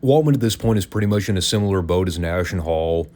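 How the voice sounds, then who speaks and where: A man with a notably deep, low voice hosts a casual podcast review. He talks in an opinionated, sarcastic way, tossing in wry asides as he goes. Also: lively intonation, fast talker, darkish tone. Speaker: podcast host. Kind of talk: casual wrestling review commentary.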